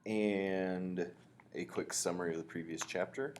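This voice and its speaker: A man reading a children's book aloud, expressively, pausing to explain. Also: low voice, steady tone, a little mellow, slight background noise. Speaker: reader.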